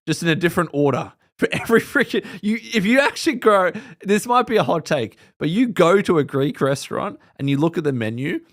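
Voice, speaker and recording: Animated Australian man chatting on a stream. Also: a little high. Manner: rambling, chatty, swears casually, reacts to chat. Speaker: live stream host. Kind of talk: casual chat with live viewers.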